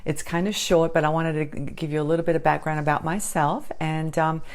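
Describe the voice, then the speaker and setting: A woman's voice: low voice, fairly even intonation, a little fast. A middle-aged woman with a faint Australian accent blended with American, chatting casually to camera about herself, with many ums and restarts. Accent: light Australian mixed with American. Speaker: jewelry maker and channel host.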